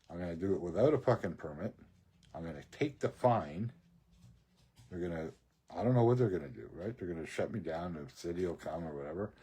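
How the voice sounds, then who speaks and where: Very husky low-voiced man ranting. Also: mellow. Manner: rambling, profane, laughs often mid-sentence. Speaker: social media video creator. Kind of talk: rambling profane storytelling rant.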